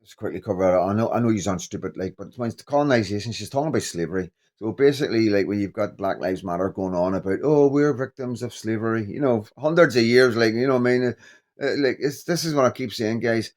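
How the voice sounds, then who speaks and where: Low-voiced man rambling to his viewers. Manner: halting, repeats "you know what I mean". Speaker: vlogger. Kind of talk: rambling casual commentary.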